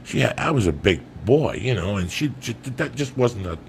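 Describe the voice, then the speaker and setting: Gravelly profane storyteller man. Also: fairly low pitch, lively intonation, moderate pace, a little hiss or hum. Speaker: comedian and podcast host. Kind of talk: storytelling on a podcast.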